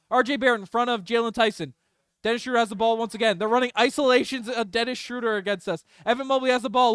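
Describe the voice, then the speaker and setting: A young man giving a fan's live play-by-play commentary, swinging between despair and hype and yelling after big shots. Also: very high voice, clean tone, dry recording, clean studio sound. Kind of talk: excited fan play-by-play commentary.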